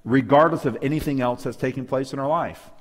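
Speaking fairly quickly in a mid-range voice, a man preaches emphatically to a live church-hall audience and poses questions to them. His voice trails off in long reverb.

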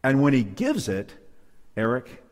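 A man's voice: medium pitch, huge pitch swings, unhurried, big-room sound. A man preaching a sermon to a church audience, emphatic and calling out for amens. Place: church hall with a live and online audience.

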